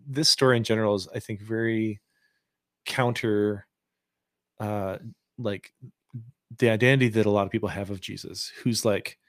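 A man's voice: lowish voice, no echo, studio quality. A man co-hosting a church podcast, reflecting casually on faith with joking asides. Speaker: podcast co-host.

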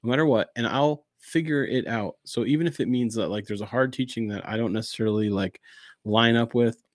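A man's voice: mid-range voice, brisk, no room sound, clean studio sound. A man co-hosting a church podcast, talking casually about faith, laughing often and acting out characters in funny voices. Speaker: podcast co-host.

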